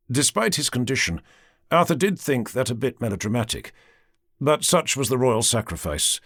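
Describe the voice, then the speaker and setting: A male audiobook narrator reads in a measured, dramatic style, his pitch rising and falling with lively range. His middle-pitched voice is recorded close in a dry studio. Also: no room sound.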